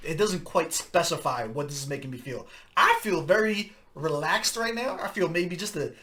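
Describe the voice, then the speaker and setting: A man hosts a casual music reaction, his voice high and bright. He talks in an animated, profane way, exclaiming and laughing between thoughts. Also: normal speed. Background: hip hop track playing.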